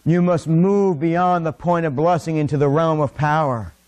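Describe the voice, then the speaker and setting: Male pastor, middle-aged, fervent sermon delivery, slightly high voice, church setting. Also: fairly even intonation, normal speed, highs cut off. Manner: impassioned preaching, rising to near-shouts. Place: church sanctuary.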